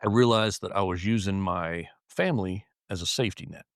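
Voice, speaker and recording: A man's voice: low voice, a little fast, no room sound, studio quality. A man who is a law enforcement officer, telling his story as an interview guest, swearing often and restarting his sentences. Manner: heavy swearing, frequent restarts and repeated words.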